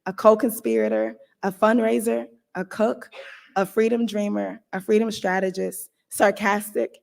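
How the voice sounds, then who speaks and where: A woman's voice: medium pitch, animated, moderate pace, gravelly, darkish tone. A woman on a symposium panel, finishing her remarks with a cadenced list. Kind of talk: closing remarks of a speech.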